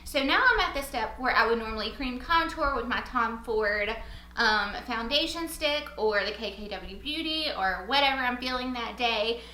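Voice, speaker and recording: A young woman with a Southern US accent chatting casually through a makeup tutorial, bubbly and quick to laugh at herself. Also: a little high, animated, bright, forceful tone, roomy sound, low-quality recording. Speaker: beauty vlogger.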